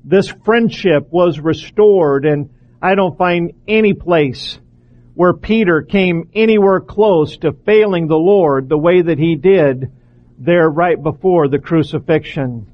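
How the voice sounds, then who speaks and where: A male preacher delivers an earnest sermon, pleading with his listeners and hammering points home through repetition. His voice sits high for a man. The recording sounds somewhat dull and lo-fi. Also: slow.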